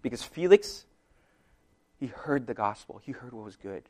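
Conversational pastor, loudness swinging widely. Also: male voice, mid-range voice, lively intonation, normal speed. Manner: conversational, lots of "right?" asides and laughs; loudness swings widely between soft and emphatic. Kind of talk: sermon.

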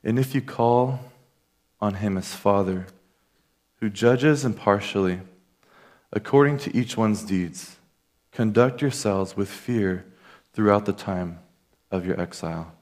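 A man's voice: fairly low pitch, slow pace, pauses often, darkish tone. A man preaching a sermon in an earnest, conversational way, talking straight to his listeners.

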